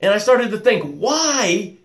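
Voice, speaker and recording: Man with a slightly high voice, coaching breaths. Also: very animated. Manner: calls himself loud and boisterous; slow, soothing breath cues, warm welcomes to viewers. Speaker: motivational coach and show host. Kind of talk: live-stream pep talk with guided breathing.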